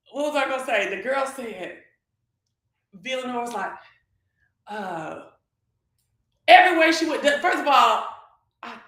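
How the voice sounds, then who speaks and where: Sassy livestream host in a very echoey room. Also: medium pitch. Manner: sassy, animated, calls viewers girl and honey. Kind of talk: casual livestream gossip chat.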